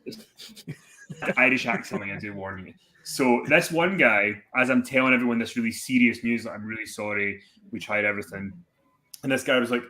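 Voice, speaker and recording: Man, young adult, podcast guest, bright forceful tone, animated, sweary, does voices. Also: medium pitch, a little fast. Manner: animated, swearing, acts out the voices in his anecdotes. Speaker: podcast guest, wrestling commentator. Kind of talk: casual storytelling chat.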